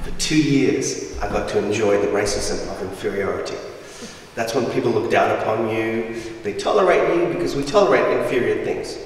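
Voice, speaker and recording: A man's voice: fairly low pitch, normal speed, slight background noise. Afghan-born man speaking in an echoey hall. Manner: lively, humorous, acts out voices of people in his stories. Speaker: guest speaker. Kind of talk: storytelling public talk. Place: large school hall with audience. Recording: roomy echoey hall from far off.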